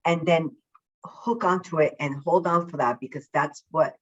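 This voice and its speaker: A self-love coach appears as a guest on a casual podcast interview over a video call. She's effusive and emphatic, with a low-sitting voice, and deliberately slows down her naturally fast way of speaking. The recording is muffled.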